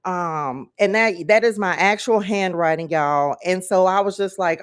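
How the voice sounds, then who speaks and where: A woman's voice: fairly low pitch, measured pace, few pauses, clear, resonant tone. Chatty woman livestreaming. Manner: chatty, emphatic, repeats phrases and addresses viewers as y'all. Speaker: host. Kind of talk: casual faith livestream chat. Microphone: phone camera.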